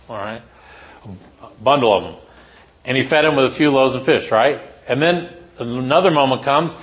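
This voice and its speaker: A man preaching a sermon to teachers, telling a story with rhetorical questions and lively asides. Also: medium pitch.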